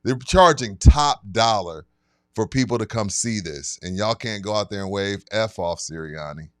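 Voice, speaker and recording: A man's voice: on the low side, lively intonation, moderate pace, clear, resonant tone, no room sound, clean studio sound. Heated, emphatic male podcast co-host. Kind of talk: casual sports chat.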